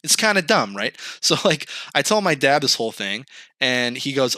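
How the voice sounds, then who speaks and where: Bright-voiced young man telling a story. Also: medium pitch, normal speed, no echo. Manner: animated storytelling, acting out quotes, swearing and laughing. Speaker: podcast host. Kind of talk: casual chat.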